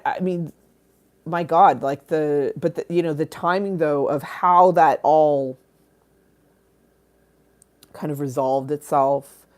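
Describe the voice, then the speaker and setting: A woman's voice: deep voice, darkish tone. A woman hosting a livestream in casual chat, rambling and candid, laughing often and swearing freely. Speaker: livestream host.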